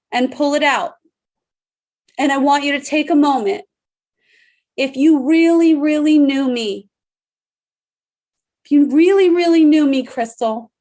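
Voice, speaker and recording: Pausing dramatically, a high-voiced woman in her thirties delivers an emphatic motivational leadership talk online. She is a leadership speaker.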